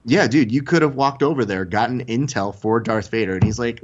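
A man's voice: medium pitch, brisk, muffled recording. A young adult man telling a story in casual chat, acting out the voices of the people in it. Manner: animated, acts out quoted voices. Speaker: podcast host telling a story.

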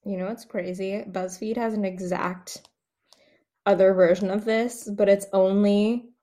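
A woman chatting casually with a friend, playful and quick to laugh. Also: medium pitch, steady tone, dark tone. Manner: playful, laughing often, rating people as cool or not. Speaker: co-host. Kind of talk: casual chat.

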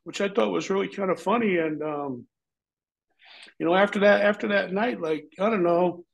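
In a low-quality recording, a middle-aged former pro wrestler tells rambling, profane stories in an interview, acting out the voices of the people he quotes. It's casual anecdotal storytelling, delivered in a high-pitched, gravelly voice at normal speed.

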